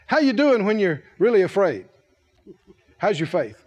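Animated older male preacher, reverberant hall. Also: high voice, measured pace, muffled recording. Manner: animated, playful, laughs often. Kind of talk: sermon.

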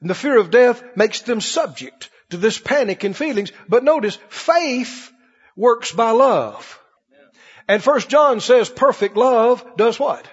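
High husky preacher guy storytelling his sermon, muffled lo-fi sound, big echoey hall. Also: animated, a little slow. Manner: storytelling preacher, rising and dropping emphatically. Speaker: pastor. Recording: dull lo-fi recording in a reverberant hall.

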